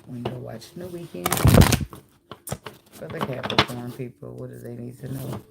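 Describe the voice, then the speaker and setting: A woman gives a casual, animated tarot reading, talking straight to her viewers. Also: very deep voice, moderate pace, vocal fry, very noisy. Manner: animated, talks to viewer, bursts into song and laughter. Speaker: tarot reader.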